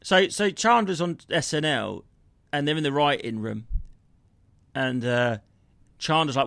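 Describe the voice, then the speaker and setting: This is a comedian in loose podcast chat, sweary and restless, jumping from story to tirade. His voice sits fairly high and lively, with a bright edge. The sound is close and dry. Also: measured pace, creaky, long pauses, no room sound. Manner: sweary, ranting, jumps between impressions and storytelling.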